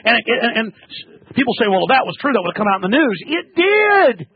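A furious male radio host with a gravelly, husky voice pitched very high. He berates callers in a rapid, shouting tirade. The sound is dry and narrow, like a radio broadcast heard down a phone line. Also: big pitch swings. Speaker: radio talk show host. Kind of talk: ranting political talk radio.

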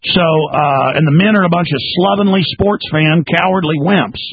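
A man's voice: fairly high pitch, normal speed, husky, no room sound, phone-quality sound. A man hosting a talk radio show, delivering an emphatic, ranting monologue to a caller.

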